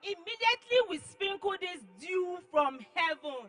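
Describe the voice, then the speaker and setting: A woman giving an emotional church testimony, dramatic, acting out her own shouts and then dropping to hushed tones. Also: high-pitched, animated, a little slow, rough recording. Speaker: testimony giver.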